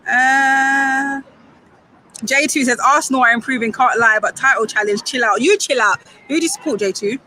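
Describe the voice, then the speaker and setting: A woman's voice: high voice, fairly even intonation, normal speed, sharp tone, slight background noise, low-quality recording. A young woman from the Caribbean, reading viewers' comments on a live stream outdoors and answering them with playful banter. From Grenada and Saint Vincent. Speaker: football fan streamer. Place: outdoors near a football stadium.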